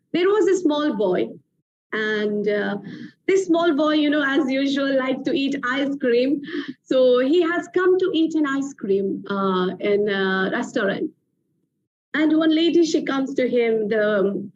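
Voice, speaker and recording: A woman hosting a show, telling a motivational story with emphatic repeated phrases, in a muffled lo-fi recording. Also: high voice. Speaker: TV show host.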